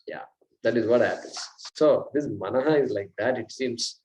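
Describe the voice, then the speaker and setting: A man's voice: mid-range voice, moderate pace, darkish tone, poor audio. A man teaching a Vedanta class in a conversational lecture style, often repeating himself and asking rhetorical questions.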